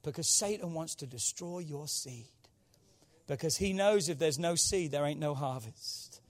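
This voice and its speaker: A pastor with a noticeably high voice delivers a sermon to his congregation. He draws them into call-and-response, rising to loud exhortation and then dropping into quiet, intense passages. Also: unhurried.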